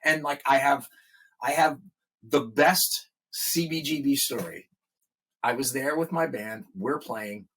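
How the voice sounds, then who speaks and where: A middle-aged male guest musician with a husky, mid-range voice talks slowly on a podcast, casually telling stories. He animatedly acts out the people in them, raising his voice for their quotes.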